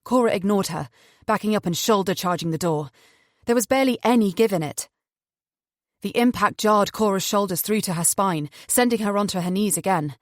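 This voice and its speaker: Female audiobook narrator, mid-pitched, measured thriller reading, dry close sound. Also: dry recording.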